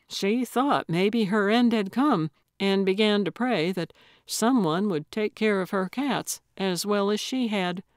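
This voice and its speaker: A woman reading a cozy mystery audiobook as narrator, in an even, deliberate way. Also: lowish voice, no echo, studio quality. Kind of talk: scripted narration.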